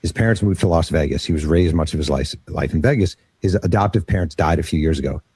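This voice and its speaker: Brief: low, husky-voiced male author spinning an animated story, dry close mic. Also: fast, no room sound. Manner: animated storyteller acting out quotes. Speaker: author interviewed about his book. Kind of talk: storytelling in an interview.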